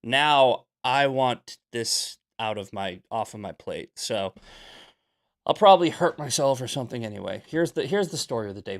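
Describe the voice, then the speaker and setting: A man hosting a casual talk show, rambling and animated as he acts out his own arguments. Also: mid-range voice, normal speed. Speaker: host.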